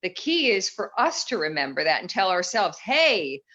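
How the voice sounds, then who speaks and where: A woman speaking as a guest in a spiritual conversation, earnest, unhurried and encouraging, heard over a video call. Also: on the low side, very animated, sharp tone. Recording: dull lo-fi video call audio.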